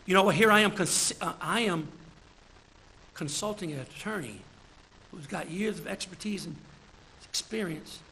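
High, bright-voiced man preaching. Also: moderate pace, pauses often, breathy edge, rough recording. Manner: lively, chuckles between points, calls out praise. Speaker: deacon. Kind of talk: sermon.

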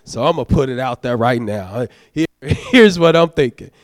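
A man's voice: medium pitch, expressive, moderate pace, no room sound, clean studio sound. A man, a deacon, preaching a sermon, urging the congregation in a conversational, folksy way and prodding them for amens. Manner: exhorting, prods the congregation for amens.

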